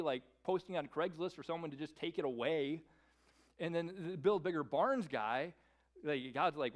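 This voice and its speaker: A male pastor preaching a sermon as an animated storyteller, peppering his speech with "like.". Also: sits high. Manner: animated storyteller, lots of filler "like". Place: church service.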